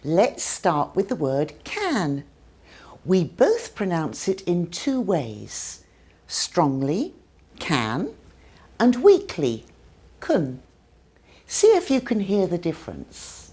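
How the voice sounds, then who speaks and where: A woman's voice: on the low side, huge pitch swings, slow pace, mellow, slightly rough. A British woman teaching English pronunciation, modelling sounds carefully and with exaggerated demonstrations. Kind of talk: scripted pronunciation lesson.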